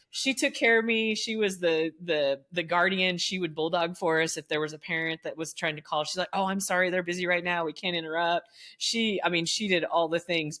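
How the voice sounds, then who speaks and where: Woman, middle-aged, former teacher, casual chat, animated, laughing often. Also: lowish voice, normal speed, few pauses.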